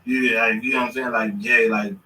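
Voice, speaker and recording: A man in his thirties telling stories in casual chat, animated and swearing freely. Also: medium pitch, fairly quick, distant mic, slight background noise. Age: 30s. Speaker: podcast host. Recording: echoey room, away from the mic.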